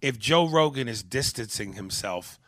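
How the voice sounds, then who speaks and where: A man's voice: medium pitch, moderate pace. A man hosting a comedy podcast, talking casually with profane jokes. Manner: profane, animated, joking. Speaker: podcast host.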